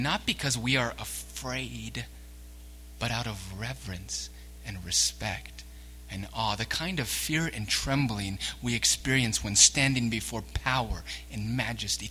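Male pastor, dramatic sermon delivery, bright tense tone, husky edge. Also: medium pitch, slow. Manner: dramatic, swings between hushed and emphatic. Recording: long reverb of a church hall.

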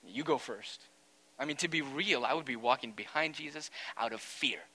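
Bright-voiced man preaching a sermon. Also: medium pitch, fairly quick, poor audio. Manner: conversational preaching with dramatic asides; animated, swings between loud and quiet. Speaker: pastor.

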